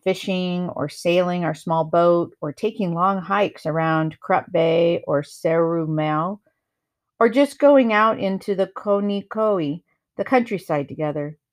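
A woman reads a first-person novel aloud, narrating in a calm, measured way. Her voice sits on the low side for a woman. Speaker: reader.

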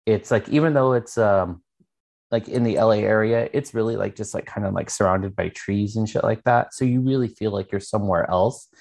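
A man's voice: on the low side, brisk, gravelly, darkish tone. A man, co-hosting a podcast, telling stories in a casual, rambling way, with lots of fillers and swearing. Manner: rambling storytelling, heavy filler words and swearing. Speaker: podcast co-host. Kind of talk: casual chat.

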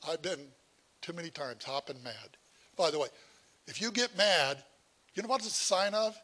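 A man's voice: fairly high pitch, expressive, moderate pace, pushed and bright. A middle-aged man preaching a sermon as pastor, folksy and conversational, with asides to the congregation.

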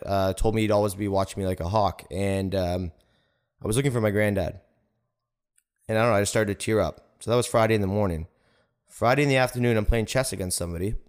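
A man's voice: on the low side, a little mellow. A man guest on a podcast, telling a personal story in a rambling way, full of "like" and "right?". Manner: rambling, heavy use of "like" and "right?".

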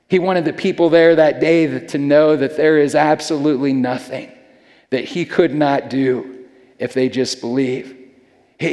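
A man's voice: fairly high pitch, a little mellow. Earnest preaching man in a reverberant hall. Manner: conversational, earnest, with frequent repeated words and "man". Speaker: pastor. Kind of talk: sermon.

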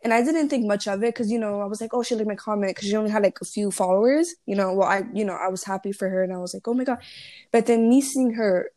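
A woman's voice: medium pitch, fast, warm tone. A young woman chatting as a guest on a call, rambling with lots of likes and restarts. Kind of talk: casual chat over a call.

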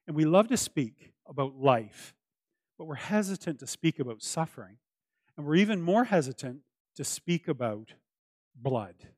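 A man's voice: fairly high pitch, very animated, normal speed, a little mellow, no room sound. A man preaching a sermon as pastor, earnest and emphatic, repeating his key phrases for weight.

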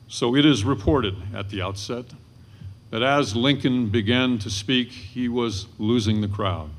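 An older man giving a storytelling history lecture to an audience, dramatic and swelling at the high points. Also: unhurried.

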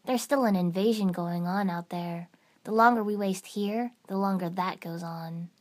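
A woman voicing a brisk, sharp-tongued teenage girl in a fan fiction audiobook reading. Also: medium pitch, close to an everyday voice. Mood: impatient.

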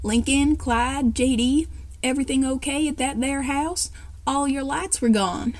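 A woman's voice: sits high, a little slow, a little mellow. A woman reading the lines of a Southern country boy on a walkie-talkie, with a Southern US accent, in a plain read-aloud manner. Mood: concerned.

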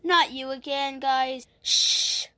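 A woman's voice: sits high, steady tone, takes it slowly, bright, forceful tone, no room sound. A woman acting out a homemade toy story, playful and full of exclamations and silly character voices.

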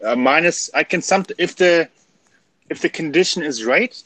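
A man's voice: a little high, moderate pace, no room sound. A man hosting a live stream, chatting casually, chuckling and reading out viewer messages. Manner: relaxed, chuckling, reads out messages. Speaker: streamer host.

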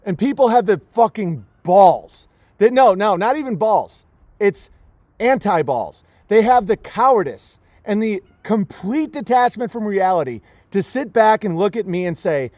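Male stream host, high voice, dry close sound; abrasive, mocking rant delivery. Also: sing-song, measured pace, darkish tone, no room sound. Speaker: livestream host. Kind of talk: profane ranting monologue.

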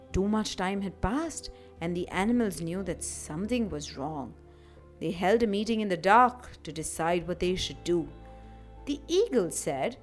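Expressive woman telling a children's story. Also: medium pitch. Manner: expressive, warmly animated storytelling. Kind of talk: scripted narration for children. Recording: faint background music.

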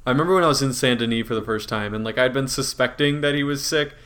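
Young man, podcast co-host, casual chat, laughing, swearing, mid pitch. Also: quick pace, a bit bright. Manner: laughing, swearing, storytelling about a video game.

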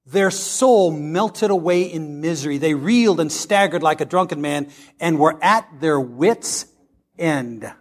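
A pastor delivering a sermon, reading scripture dramatically and preaching with passion. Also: male voice, on the high side, expressive, measured pace.

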